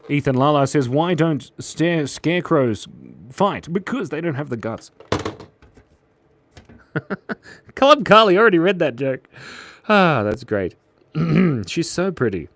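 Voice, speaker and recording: A man's voice: on the high side, big pitch swings, takes it slowly, gravelly, pauses often, fairly bright tone, a little hiss or hum. A man hosting a live drawing stream, reading chat messages aloud and trading silly jokes with viewers. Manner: jokey, playful, reads chat aloud. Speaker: livestream artist.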